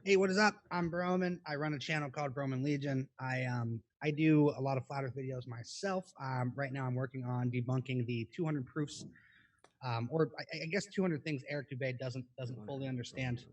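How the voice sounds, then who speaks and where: A man guesting on a casual livestream, introducing himself in a relaxed way with lots of ums. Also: mid-range voice, moderate pace. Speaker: guest YouTuber.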